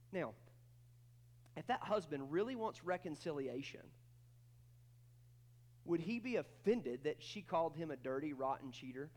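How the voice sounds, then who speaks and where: A man preaching a sermon with emphatic swings between loud, high bursts and quiet, low stretches, often repeating words as he starts a thought. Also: expressive, a little slow, long pauses. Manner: acts out quoted voices in dialogue. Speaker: pastor.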